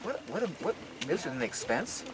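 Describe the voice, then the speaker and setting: His voice a little high and his speech fast, an older man happily walks listeners around his garden and orchard. He talks in a homespun way, stumbling and repeating himself, while steady background noise fills the outdoor recording.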